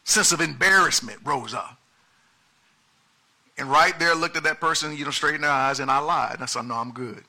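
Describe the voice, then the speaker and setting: Male pastor, high and bright voice, dynamic preaching that jumps between hushed and loud. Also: normal speed, creaky, long pauses. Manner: animated preaching, swings from soft asides to loud emphasis. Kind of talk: sermon.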